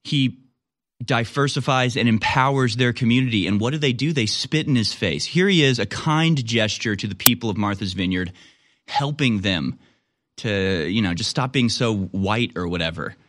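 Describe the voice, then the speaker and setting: A man's voice: medium pitch, animated, normal speed, fairly bright tone. A man hosting a political commentary show, talking in a sarcastic, incredulous way with frequent laughs.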